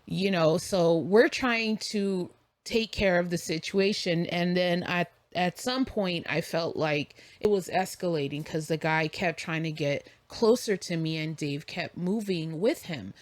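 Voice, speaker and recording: A woman's voice: fairly low pitch, unhurried, dry recording. A woman co-hosting a casual talk show, telling a story and acting out the dialogue. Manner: animated, acts out quoted dialogue. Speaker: podcast co-host.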